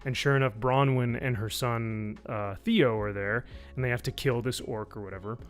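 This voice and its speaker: A man's voice: mid-range voice, fairly even intonation, normal speed, soft background music. A man giving a casual spoken review, rambling and swearing, with lots of fillers. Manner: rambling, profane, with frequent fillers. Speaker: YouTube reviewer.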